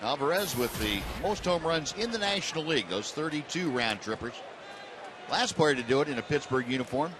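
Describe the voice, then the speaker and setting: A male baseball play-by-play announcer calling the game in a relaxed, conversational way with frequent fillers, over stadium crowd noise. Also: on the high side, fairly quick. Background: ballpark crowd.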